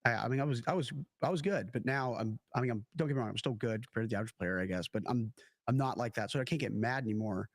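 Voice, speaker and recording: Young male host, casual rambling chat, quick delivery, mid pitch. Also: no echo, clean studio sound. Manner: rambling, many "like" fillers. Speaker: podcast host.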